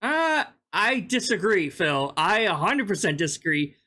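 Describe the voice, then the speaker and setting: A reaction host talks over a clip in a casual, mid-pitched voice. The tone is exasperated and sarcastic, with plenty of swearing. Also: sing-song, a little slow, bright, forceful tone.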